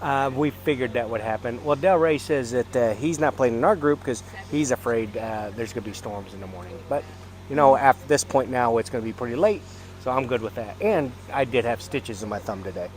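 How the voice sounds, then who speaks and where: A man's voice: medium pitch, fairly quick, slight background noise. A chatty man doing loose live commentary outside at a golf course in the evening. His talk wanders with plenty of fillers and restarts. Faint outdoor ambience sits underneath. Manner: rambling, filler-heavy, chatty. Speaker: livestream commentator.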